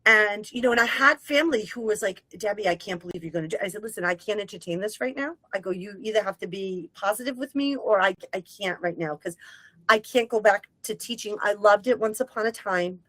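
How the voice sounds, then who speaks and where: A woman, a medium, telling a personal story in casual conversation, emotional and animated, breaking into short sung lines. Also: mid-range voice, fairly quick, no room sound, rough recording. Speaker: guest medium.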